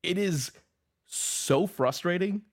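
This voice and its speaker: A man's voice: high-pitched, takes it slowly. A man co-hosting a talk radio show, chatting casually and poking fun at himself. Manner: conversational, self-deprecating. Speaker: radio co-host.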